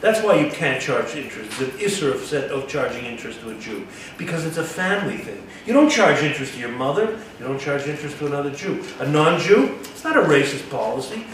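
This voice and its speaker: A man's voice: a little high, big pitch swings, fast, few pauses, a bit bright. Man teaching a text in an echoey room. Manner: reads a Hebrew text aloud and translates it; asks rhetorical questions to the listeners. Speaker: Torah teacher. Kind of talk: text-study lecture. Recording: echoey room, distant mic, faint background noise.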